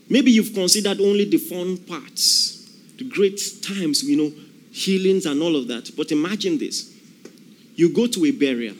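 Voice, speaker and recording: A man's voice: on the high side, a little hiss or hum. A man preaching a sermon, emphatic, repeating key phrases and acting out the voices of people in the story.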